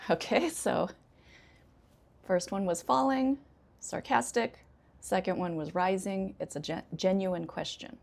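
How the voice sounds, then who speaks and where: A woman ESL teacher with an American accent, giving a spoken English lesson in a clear, deliberate way and addressing learners directly. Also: medium pitch, darkish tone. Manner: clear, deliberate teaching delivery with example sentences.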